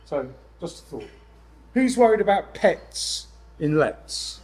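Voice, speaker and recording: A man presenting to a room of landlords, lively and jokey with exasperated asides. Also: a little high, slow pace, poor audio. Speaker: letting agent speaking at a landlord event. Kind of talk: live seminar presentation.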